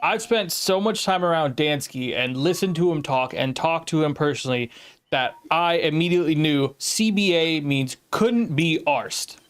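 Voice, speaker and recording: Laughing American man, slightly high voice. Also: moderate pace, clear, resonant tone. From United States. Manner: rambling, laughs often, swears. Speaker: podcast co-host. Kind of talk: casual chat.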